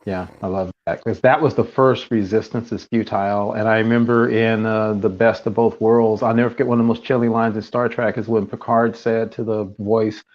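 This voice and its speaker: A man co-hosting a casual fan podcast, talking with animated enthusiasm and laughing often. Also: fairly low pitch. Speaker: podcast co-host. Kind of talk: casual chat. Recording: dull lo-fi sound.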